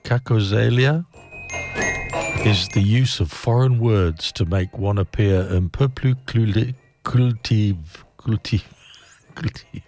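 A man hosting a fun-facts show. He reads trivia playfully and theatrically, repeating words and laughing at his own facts. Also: lowish voice. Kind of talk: playful fact reading. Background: loud background music.

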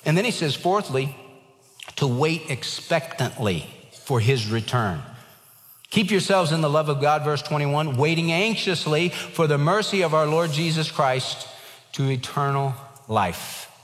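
A man's voice: a little high, expressive, a little slow, a bit bright. Man preaching with ringing hall reverb. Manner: earnest preaching, varied emphasis, tells jokes. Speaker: pastor. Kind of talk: sermon.

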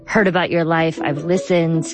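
A woman hosting a news podcast, narrating a scripted story in a measured, clear way and interviewing a guest. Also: low-pitched, fairly even intonation, over music. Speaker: host.

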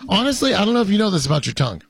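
A man's voice: sits high, sing-song, very fast, creaky, breathy edge. A man hosting a show, reading viewer comments in casual banter, hesitant with many fillers and playfully pompous. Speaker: host.

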